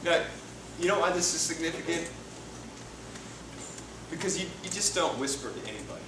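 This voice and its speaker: A man's voice: a little high, animated, brisk. A man in his thirties preaching a playful, jokey sermon to a youth group, with frequent laughter. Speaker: youth pastor. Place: church hall. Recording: echoey hall from far off, noisy.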